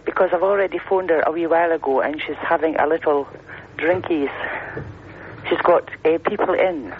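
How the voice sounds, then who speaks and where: A woman's voice: sits low, normal speed, a little hiss or hum. Scottish woman caller on a tinny phone line. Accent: Scottish, Edinburgh. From Scotland. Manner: chatty, pleading, giggly. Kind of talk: phone-in call. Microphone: telephone.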